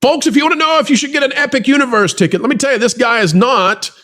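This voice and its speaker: A man's voice: very high voice, fast talker, sharp tone. A male host of a theme park news show, talking in a hyped, salesy way with joking asides to his audience.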